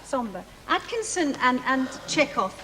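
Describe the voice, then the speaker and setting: A woman hosting a television chat show, asking brisk, teasing questions. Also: high voice, big pitch swings. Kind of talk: television interview. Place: television studio. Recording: echoey studio with audible hiss.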